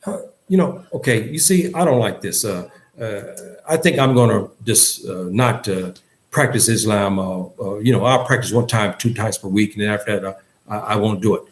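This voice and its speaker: A man's voice: fairly low pitch, echoey room, close to an everyday voice. A man voicing a hesitant, reluctant Muslim man who keeps stalling with fillers as he shrugs off practicing his faith. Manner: halting, full of uh and you know.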